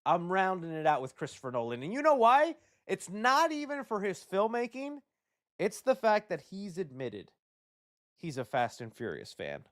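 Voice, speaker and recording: Brief: young male stream host, high and animated voice, jokey casual chat. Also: normal speed. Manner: animated and joking, reads chat aloud.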